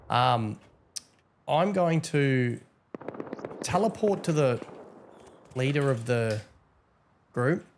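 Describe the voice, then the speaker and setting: A young man talks through his game as a server admin, in a sleepy, teasing drawl padded with ums and uhs. His voice has a gravelly, fry-laden edge at an ordinary middle pitch, and a faint hiss sits under the recording. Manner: drawling, chatty, teasing, with many fillers. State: tired, yawning. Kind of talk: casual gameplay commentary.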